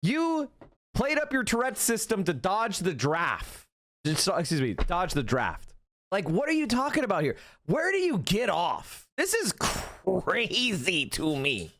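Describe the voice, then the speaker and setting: A man reacts on a livestream with a profane, mocking rant. His voice swings wildly in pitch, from shouted highs to low mutters. He sounds close and dry on the mic. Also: wildly swooping pitch, a little slow, dry recording. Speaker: streamer reacting to a video.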